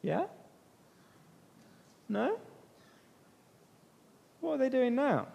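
A man with a high voice retells a Bible story to a gathered group, asking them questions as he goes. His talk rings with the long reverb of a big hall. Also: very slow, vocal fry. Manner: lively, questions the listeners and waits for answers. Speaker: preacher leading a Bible talk. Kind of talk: interactive Bible storytelling sermon.

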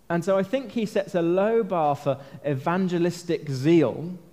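Earnest preacher in a reverberant hall. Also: male voice, a little high, darkish tone. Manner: earnest, conversational, asks questions of listeners. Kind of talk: sermon. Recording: long reverb of a large hall.

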